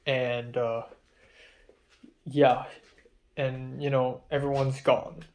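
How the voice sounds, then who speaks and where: Brief: young adult male vlogger, mid-pitched, rambling, irritated, swears a lot. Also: little pitch movement, very slow, darkish tone. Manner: rambling, frustrated, swears often, retells arguments. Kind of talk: diary-style vlog.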